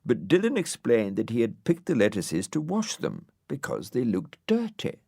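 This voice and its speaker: A man narrating a children's storybook audiobook in a measured, dryly understated way. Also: mid-range voice, wildly swooping pitch, mellow, breathy edge, dry recording, studio quality.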